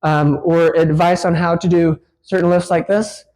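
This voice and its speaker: High-voiced man, breathless gym demo. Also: little pitch movement, normal speed, a little mellow, poor audio. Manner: casual, explains while lifting, many fillers. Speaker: physical therapist. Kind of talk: instructional demonstration.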